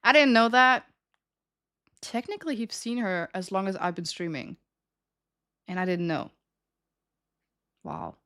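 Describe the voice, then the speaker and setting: A woman's voice: mid-range voice, expressive, unhurried, pauses often, sharp tone. A young adult woman streams and tells her chat a story in a loose, casual way. She giggles often and keeps up a chatty, confiding flow.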